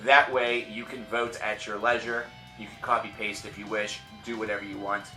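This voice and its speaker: A man hosting his own video channel, talking in an upbeat, chatty way with quick asides. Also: fairly low pitch, flat delivery, sharp tone. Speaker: channel host. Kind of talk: casual vlog presentation. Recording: echoey room with faint music.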